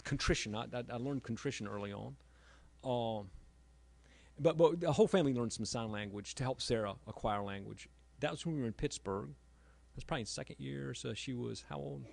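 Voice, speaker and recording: A middle-aged man who is both an author and an emergency room doctor gives a halting talk at a library event, full of self-deprecating humor. His medium-pitched voice is gravelly and a little mellow.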